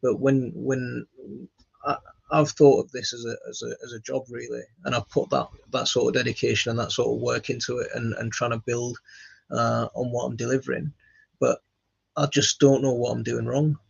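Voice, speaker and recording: A man hosting a gardening live stream, reading chat comments and answering in a halting, friendly way with lots of fillers and restarts. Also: mid-range voice, little pitch movement, gravelly, husky, dry recording. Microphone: phone. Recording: dry, dull lo-fi phone audio.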